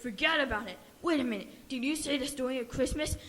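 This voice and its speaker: A woman's voice: sits high, quick pace, fairly bright tone, big-room sound. A woman voicing a goofy, easily sidetracked male jungle bear in a church Christmas puppet skit, rambling and jokey. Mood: playful. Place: church sanctuary.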